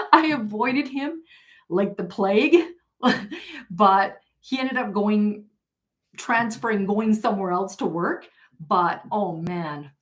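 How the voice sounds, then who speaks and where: A woman hosting a tarot live stream, telling a story in a casual, chatty way and often laughing as she reads viewer comments. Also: medium pitch. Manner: chatty, laughs often, many fillers and restarts.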